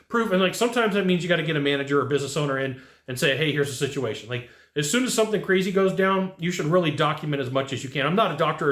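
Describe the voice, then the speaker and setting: Male sales coach, upbeat, slightly high voice, plays out dialogue, echoey room. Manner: animated, acts out quoted dialogue. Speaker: sales trainer. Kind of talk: coaching talk to camera.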